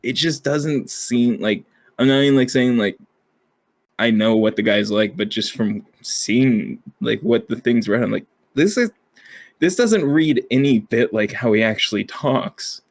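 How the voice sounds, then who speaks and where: A man's voice: mid-range voice, a little slow. Rambling, giggly man chatting on a podcast. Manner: rambling, filler-heavy, laughs often. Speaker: podcast co-host. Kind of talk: casual podcast chat.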